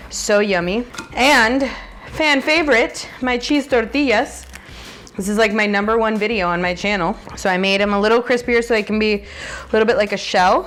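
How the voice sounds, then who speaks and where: A woman's voice: medium pitch, fairly bright tone, a little hiss or hum. A woman whose first language is Spanish, hosting a casual home cooking vlog in a chatty, bubbly way with jokey asides. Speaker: cooking channel host. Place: home kitchen, food sizzling.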